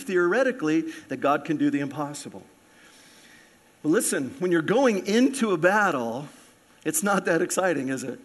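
A man preaching a Sunday sermon, lively and animated, acting out the voices of people in the story. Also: high-pitched. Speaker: pastor.

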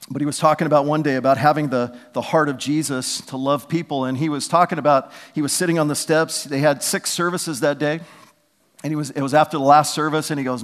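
A male pastor preaches in a church sanctuary, his voice carrying a long reverb off the large hall. He talks through stories in a loose, conversational way, slipping into the voices of the people in them. His pitch sits in an ordinary middle range. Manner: conversational storytelling, acting out quotes. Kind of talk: sermon.

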